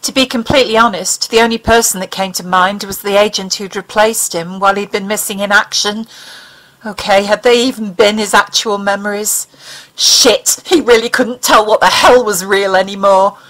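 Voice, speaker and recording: A woman's voice: medium pitch, steady tone, moderate pace, a bit bright, low-quality recording. Woman narrating a dramatic audiobook. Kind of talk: dramatic fiction reading.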